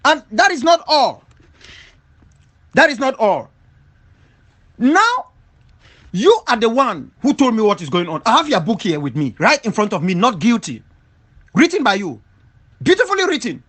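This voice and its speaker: A man's voice: extremely high pitch, big pitch swings, normal speed, long pauses, a bit bright. A man from southwest Cameroon, an independence leader giving an impassioned spoken rebuttal, emphatic and full of repeated rhetorical questions. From Cameroon, southwest region.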